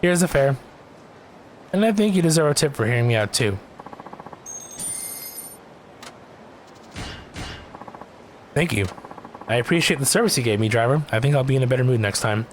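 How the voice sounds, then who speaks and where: A man's voice: medium pitch, animated, quick pace, a little hiss or hum, lightly acted. A man voicing a rude, demanding woman taxi passenger who complains and scolds in a raised, haughty voice. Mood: mollified.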